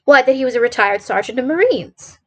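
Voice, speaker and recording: An earnest doctor , read by a woman, asks pointed questions with mild indignation. His husky voice lifts a little above the surrounding narration. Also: sits high, expressive, brisk, pitched above the performer's own voice. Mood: puzzled.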